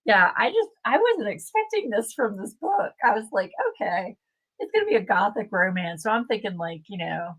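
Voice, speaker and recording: Slow-talking woman, chatty host. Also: medium pitch, creaky, fairly bright tone, rough recording. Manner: chatty, reads viewer comments aloud. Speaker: livestream host. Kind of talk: casual livestream chat.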